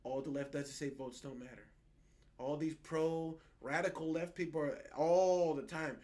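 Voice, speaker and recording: A young man co-hosting a podcast in casual political chat, animated and profane, often mocking other people's words. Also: mid-range voice, moderate pace. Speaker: podcast co-host.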